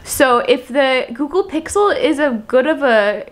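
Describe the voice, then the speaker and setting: A young woman vlogging an unboxing, gushing and breathless with excitement after a workout. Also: high voice, unhurried. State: post-workout, catching breath.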